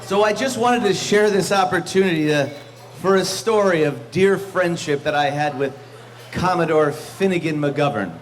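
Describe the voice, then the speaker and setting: A man's voice: a little high, normal speed. A man giving a joking, mock-solemn memorial toast at a club party, in a banquet room full of guests. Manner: mock-solemn, tongue-in-cheek.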